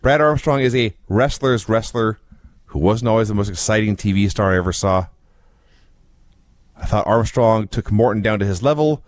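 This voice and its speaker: A man's voice: fairly low pitch, normal speed, dry recording. A man co-hosting a casual review podcast, retelling old wrestling segments in a dry, wry storytelling manner.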